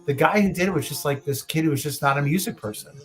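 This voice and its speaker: A man's voice: fairly high pitch, animated, quick pace, faint music behind. A man in his late thirties co-hosting a casual podcast, rambling with lots of swearing and restarts. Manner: rambling, profane, restarts a lot. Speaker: podcast co-host.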